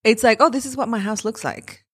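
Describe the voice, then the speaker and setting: A woman's voice: a little high, a little fast, fairly bright tone, husky, no echo, clean studio sound. A woman hosting a casual podcast interview, chatty and leaning on "like" as she talks. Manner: chatty, leans on "like". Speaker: podcast host.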